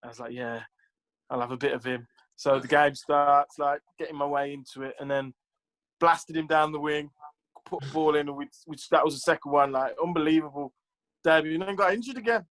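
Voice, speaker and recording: A man's voice: on the high side, steady tone, a little fast, a bit bright, low-quality recording. A man who is a former professional footballer, telling stories casually as an interview guest, with lots of "like" and "you know" and acted-out quotes.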